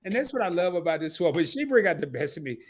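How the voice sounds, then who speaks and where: A man with a country Southern US accent, joking loudly and colloquially as a guest on a casual live stream. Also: on the high side, very animated, noisy background. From rural American South. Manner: loud, joking, drawn-out exclamations, colloquial.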